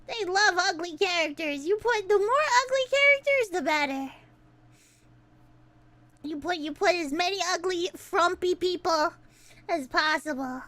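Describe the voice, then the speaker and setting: High-pitched excitable young woman ranting. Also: a little slow. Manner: excitable, swearing, laughs a lot, rants. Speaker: streamer. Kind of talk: casual stream chat.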